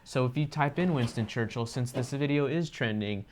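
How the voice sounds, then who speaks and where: A man's voice: mid-range voice, moderate pace, a little mellow, slight background noise. A man co-hosting a reaction video, talking in an earnest, emphatic way and swearing freely. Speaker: co-host of a reaction channel. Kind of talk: casual reaction discussion.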